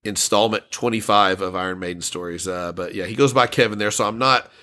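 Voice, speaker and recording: A man's voice: on the low side, fairly quick, bright, forceful tone. A man co-hosting a casual podcast, reading out listener comments and laughing often. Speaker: podcast co-host.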